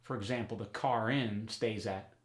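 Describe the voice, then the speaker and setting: A man hosting an accent tutorial as a dialect coach, speaking clearly and deliberately as he announces each topic. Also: lowish voice, fairly even intonation, roomy sound.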